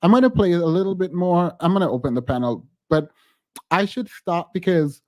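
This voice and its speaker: A man's voice: high-pitched, moderate pace, dark tone. A man hosting a reaction commentary, skeptical and exasperated, thinking aloud. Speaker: host reacting to a clip.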